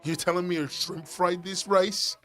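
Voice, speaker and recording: A man's voice: high voice, steady tone, normal speed, fairly bright tone, faint music behind. A man chatting casually on a stream, joking, swearing and laughing often. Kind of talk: casual stream chat reacting to videos.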